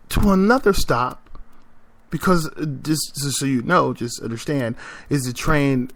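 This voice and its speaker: A man's voice: on the high side, fairly bright tone, no room sound. A man hosting a podcast, telling a story in a casual monologue, emphatic and repeating himself as he makes his point. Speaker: podcast host.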